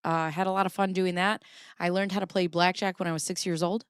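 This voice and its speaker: A woman's voice: fairly low pitch, level tone, fairly quick, clear, resonant tone, no room sound, studio quality. A woman hosting a casual livestream, chatting in a rambling way, greeting her viewers and swearing now and then. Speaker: livestream host.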